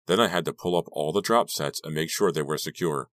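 A man reading a teen horror audiobook aloud, narrating in the first person with a steady, measured pace. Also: extremely low pitch, dry recording. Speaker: audiobook reader.

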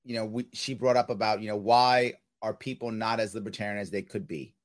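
A podcast host with a lowish voice speaks a little fast while interviewing someone. He's casual, animated, and strongly opinionated, and he keeps checking in by asking "right?"

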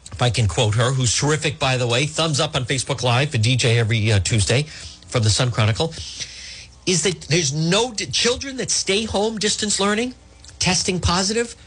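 Male talk-radio host, husky, animated, emphatic. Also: on the high side. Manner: animated, emphatic, mocking voices of opponents. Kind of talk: political talk radio monologue.

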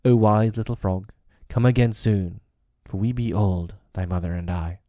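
A man's voice: on the low side, steady tone, normal speed, warm tone, no room sound, close to an everyday voice. A man voicing an old, affectionate father wolf. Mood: fond.

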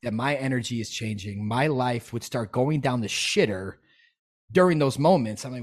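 Emphatic, animated man on a podcast. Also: medium pitch, normal speed. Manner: animated, emphatic, swears freely, acts out quoted people. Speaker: podcast guest. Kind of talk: casual podcast conversation.

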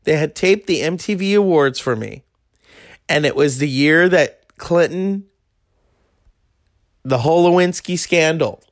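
A man's voice: a little high, lively intonation, unhurried, pauses often, no room sound, clean studio sound. A man in his thirties telling a rambling, crude story in a casual monologue. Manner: crude, rambling, acts out quoted voices. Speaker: podcast host.

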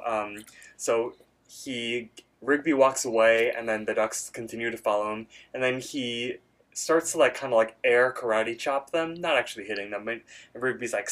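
Male co-host, medium pitch, casual chatter, filler-heavy, throws in bits of character voices. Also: normal speed. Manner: rambling, filler-heavy, animated quoting of characters. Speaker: podcast co-host. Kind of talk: casual chat recapping a cartoon episode.

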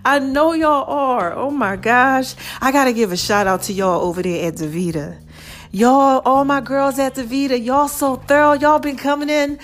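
A woman hosting her own online show, talking casually and warmly to her viewers, calling them "baby" and repeating phrases to drive her point home. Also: high voice, normal speed. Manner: affectionate, calls listeners "baby" and "y'all"; preachy, repeats phrases for emphasis. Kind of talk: casual motivational talk to viewers.

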